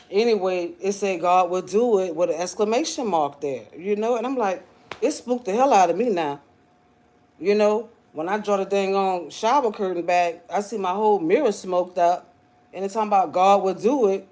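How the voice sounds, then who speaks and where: Guy livestreaming, kinda high voice, rambly and chatty, lots of fillers. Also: a little mellow. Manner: chatty, drawn-out, loaded with fillers and pet names. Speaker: livestream host. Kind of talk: casual livestream chat.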